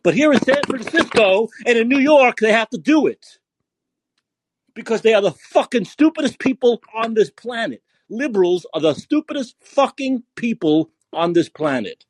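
A man's voice: extremely high pitch, animated, normal speed, no echo. A man hosting a podcast, delivering a profane, sarcastic political rant. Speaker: podcast host. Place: San Francisco.

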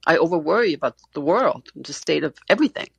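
Middle-aged woman co-host, husky and low, dry close sound, earnest explainer. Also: lively intonation, quick pace, no echo. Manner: earnest, explanatory, repeats words when starting. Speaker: co-host, gender expert. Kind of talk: casual panel discussion. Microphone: online audio call.

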